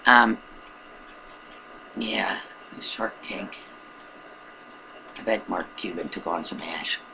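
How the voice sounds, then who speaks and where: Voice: low-pitched, takes it slowly, gravelly, pushed and bright, slight background noise, low-quality recording. A video blogger talking to the camera in a rambling, earnest way, full of restarts, from a rural home. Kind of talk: casual monologue to camera.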